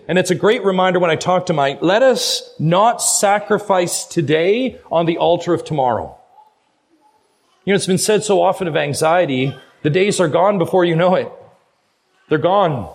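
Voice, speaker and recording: A middle-aged man preaching a sermon with a slightly raised pitch. He is earnest and urging as a guest pastor, and he drags out the key phrases for weight. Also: husky. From Canada.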